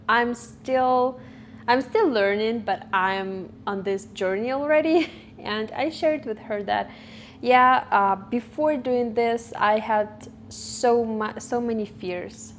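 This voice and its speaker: A woman in her twenties speaks reflectively to the camera for her vlog, thoughtful and often searching for words. Her voice is fairly high, and the camera recording carries a little hiss or hum.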